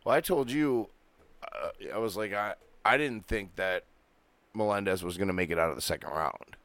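A man's voice: on the low side, moderate pace, a bit bright, dry recording. A man co-hosting a late-night fight podcast from home, talking bluntly and casually and swearing freely. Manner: blunt, profane, laid-back. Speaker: podcast co-host. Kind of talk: casual chat. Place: home, fan running.

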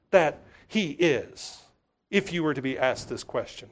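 Middle-aged guy preaching in church, voice on the high side, swoops up and down a lot, hammers home questions. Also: big pitch swings, unhurried. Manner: emphatic, rhetorical questions, repeats words. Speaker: pastor. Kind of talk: sermon.

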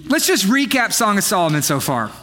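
A young male pastor delivering a comedic sermon, his voice pitched very high and bright. He jokes and teases the congregation with animated, playful asides, speaking in a church sanctuary before a live audience. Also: brisk.

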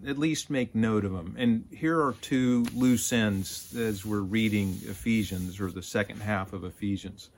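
Man, unhurried lay sermon, restarts words often, mid-pitched, light hiss behind. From Texas. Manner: halting, repeats word starts, earnest. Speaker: lay preacher.

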